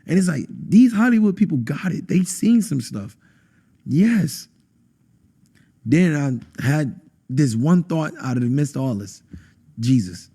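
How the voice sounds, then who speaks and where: A man, a podcast guest telling an intense personal testimony and acting out quotes with sudden high bursts. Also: big pitch swings, a little slow, pauses often, dark tone, slightly rough. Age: adult, has a wife. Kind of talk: emotional testimony in conversation.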